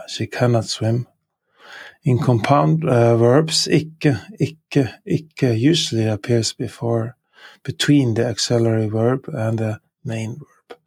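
A man teaching a podcast language lesson with a Norwegian accent, slowly repeating each example word and sentence three times. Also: mid-range voice, vocal fry, a little mellow, husky.

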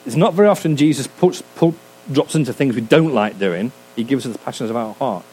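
A man's voice: medium pitch, darkish tone, rough recording. A man preaching a sermon in a humorous, conversational way, often asking his listeners questions. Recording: faint hum, sermon recorded for a podcast.

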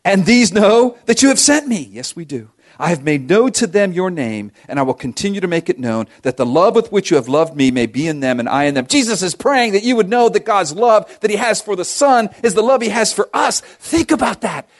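A man preaching a sermon with passion, swinging between loud emphasis and hushed asides. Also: high-pitched, big pitch swings, brisk, few pauses. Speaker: pastor.

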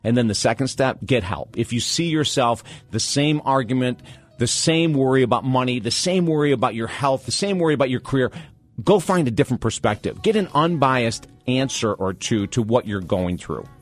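A man hosting a radio talk show with an energetic, motivational delivery. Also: medium pitch, normal speed, soft background music.

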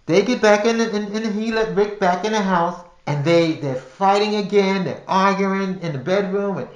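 A man's voice: high-pitched, moderate pace. An older man telling a personal story casually, rambling with restarts and repeated words. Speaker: podcast storyteller. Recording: roomy echo.

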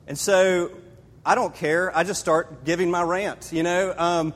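A man with a somewhat high voice delivers a relaxed, story-driven sermon. He keeps turning to the audience with casual asides as his words echo through a large hall with a long reverb tail. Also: a little slow. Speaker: pastor. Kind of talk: conversational sermon with a personal story.

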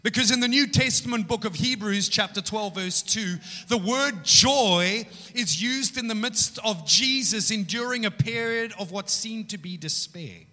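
Animated high-voiced man preaching in a hall. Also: a little slow, hardly any pauses. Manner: casual, joking, animated storytelling. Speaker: pastor. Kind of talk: sermon. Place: church. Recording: echoey church hall.

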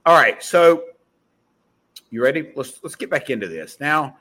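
A middle-aged man with a softened Southern US accent, hosting a podcast and giving a blunt, profane motivational pep talk that he keeps correcting mid-sentence. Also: mid-range voice, lively intonation, a little slow. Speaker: podcast host. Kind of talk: casual motivational monologue.

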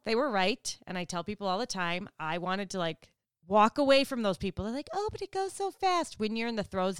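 A woman of about forty from Wisconsin in the Midwest vlogs casually to her viewers, often laughing and voicing the people she quotes. Her smooth voice sits a little high, in a dry, studio-quality recording.

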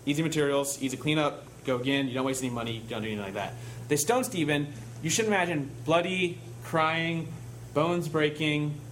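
A man's voice: fairly high pitch, brisk, a bit bright, a little hiss or hum. Conversational man preaching a sermon. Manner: conversational, storytelling with asides and rhetorical questions.

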